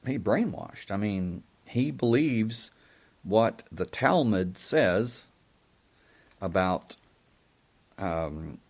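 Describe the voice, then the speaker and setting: A man hosting a live show monologue, halting and full of ums and restarts, with an indignant, emphatic way of talking. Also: lowish voice. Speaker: host.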